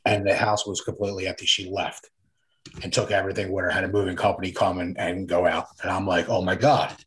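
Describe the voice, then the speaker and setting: A man speaks fast in a low, fairly bright voice with little pitch movement as an interview guest sharing his recovery story. He tells it in a rambling, casual way, full of fillers, restarts and curse words.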